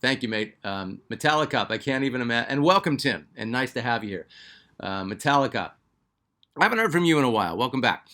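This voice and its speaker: A man's voice: medium pitch, lively intonation, fast talker, pushed and bright. A man hosting a basketball fan channel, chatting casually and reading out viewer comments, with lots of fillers and restarts. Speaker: sports channel host.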